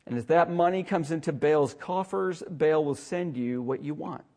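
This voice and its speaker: A man preaching a sermon as pastor, with dramatic swings between loud emphasis and hushed asides and a sarcastic streak. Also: on the high side, moderate pace. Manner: sarcastic humor.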